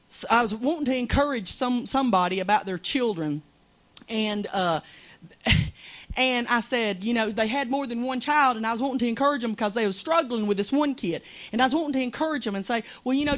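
A woman's voice: a little high, moderate pace. A woman preaching a fervent, conversational sermon in a small church.

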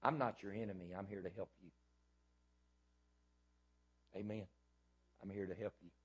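Middle-aged male pastor, husky low voice, fiery repetitive sermon delivery. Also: fairly even intonation, moderate pace, muffled recording. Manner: fiery, emphatic preaching with loud rises and repetition.

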